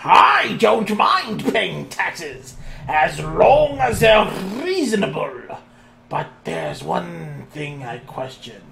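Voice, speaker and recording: A man voicing a cranky old man who rants slowly and indignantly about taxes. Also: high voice, very animated, creaky, a crowd in the background, heavily acted. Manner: slow, indignant ranting.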